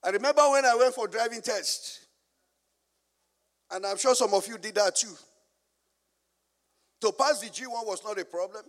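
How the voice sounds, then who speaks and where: A man's voice: high-pitched, moderate pace, long pauses, big-room sound. A man with a Nigerian accent preaching a sermon, drawing answers from the congregation and telling humorous stories. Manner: call-and-response preaching, asking the congregation to finish his lines; storytelling with humor. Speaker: pastor.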